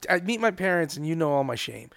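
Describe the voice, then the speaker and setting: A man co-hosts a loose podcast conversation, cursing easily and tripping over his own restarts when he asks something. His voice runs high for a man and carries a gravelly fry. The sound is dry and close. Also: very animated, fast talker, fairly bright tone, no echo. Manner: profane, stammering restarts when asking questions. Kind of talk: casual chat.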